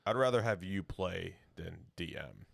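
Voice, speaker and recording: Deep, gravelly man, eager podcast banter. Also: lively intonation, dry recording. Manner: chatty, eager, quick to jump in. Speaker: podcast co-host. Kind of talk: casual chat.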